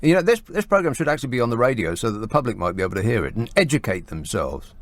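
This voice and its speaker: A man hosts a late-night radio phone-in. He sounds dry and sarcastic, and his pitch swings widely as he talks. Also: very animated, very fast, no echo.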